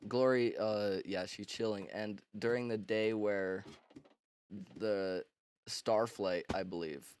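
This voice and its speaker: A man's voice: lowish voice, steady tone, slow, a little mellow, smooth. A man casually recapping a story for laughs, rambling and swearing, with lots of fillers and restarts. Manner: rambling, slangy and profane, with frequent fillers and restarts. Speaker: book summarizer.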